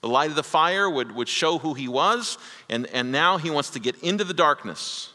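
A man preaching a sermon, telling a story earnestly and acting out the characters' quoted lines. His voice sits a little high for a man and comes across bright and forceful. It rings out in a church hall with a long reverb tail. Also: lively intonation, moderate pace. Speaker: pastor.

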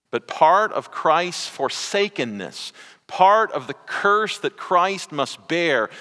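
A pastor preaching to his congregation, a bright, forceful man's voice that leaps high and drops low. He swings between loud, drawn-out phrases and hushed asides. The sound carries a long reverb from the hall. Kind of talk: sermon.

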